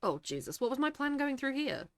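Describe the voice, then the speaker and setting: Woman streamer, sniffly and teary, lively up-and-down voice, dry close sound, chatty and quick to laugh. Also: high-pitched, no room sound. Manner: chatty, reads chat aloud, laughs often. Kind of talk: casual live-stream chat while gaming.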